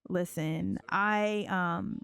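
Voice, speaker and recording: A woman's voice: lowish voice, fairly even intonation, very slow, vocal fry, a bit bright, clear, resonant tone, dry recording, exaggerated voice. A woman voicing a dazed, blunt young wife in a life-sim game. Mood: defensive.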